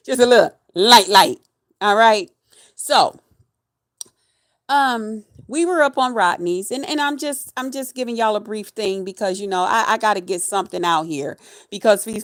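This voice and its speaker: Woman streamer, mid-pitch, taunting rant with laughs and repeated slang, dead-dry sound. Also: no echo. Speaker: livestreamer. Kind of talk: mocking rant to viewers.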